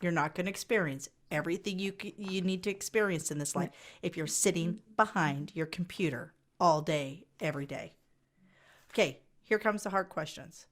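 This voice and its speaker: A woman's voice: lowish voice, moderate pace. A woman hosting a podcast who sounds enthusiastic, talks straight to her listeners and asks her guest questions. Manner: enthusiastic, addresses listeners directly. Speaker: podcast host. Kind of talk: casual interview.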